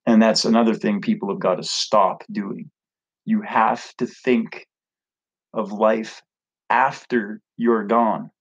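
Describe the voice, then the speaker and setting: A man ranting to camera in a blunt, profane and rambling way. His voice sits fairly low. The home recording sounds dull and lo-fi. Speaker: vlogger. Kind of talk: casual rant to camera.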